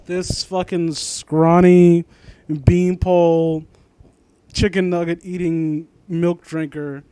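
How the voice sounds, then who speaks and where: A man's voice: high voice, little pitch movement, slow, warm tone, clean tone. Sarcastic, foul-mouthed male ranter. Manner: sarcastic, profane ranting. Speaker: host. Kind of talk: mocking comedic reading of fan fiction.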